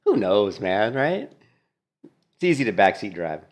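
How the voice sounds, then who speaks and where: A man casually commentating on a gameplay clip, animated and mocking, laughing often. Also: on the low side, measured pace. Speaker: gaming streamer.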